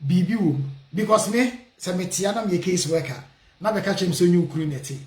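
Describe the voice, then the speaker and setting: High-pitched guy hosting a radio talk show, chatty and laughing, mixes twi and english, echoey with light hiss. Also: quick pace. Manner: lively, switches between Twi and English, laughs often.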